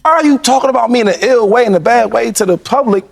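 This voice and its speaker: A man's voice: extremely high pitch, quick pace, gravelly. A man on a sports debate show giving an emphatic opinion, repeating himself and addressing the listener directly.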